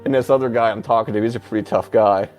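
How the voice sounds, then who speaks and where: A man telling a painful personal story as an interview guest, halting and breaking off with filler sounds, sounding close to tears. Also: fairly low pitch, fairly even intonation, a little mellow, soft background music. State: emotional, near tears. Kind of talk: emotional personal account.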